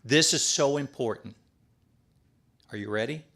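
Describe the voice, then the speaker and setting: A middle-aged priest giving a talk at a men's prayer breakfast, in a folksy, emphatic conversational sermon. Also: male voice, fairly high pitch, animated, unhurried, a bit bright. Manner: folksy and emphatic, with restarts and asides.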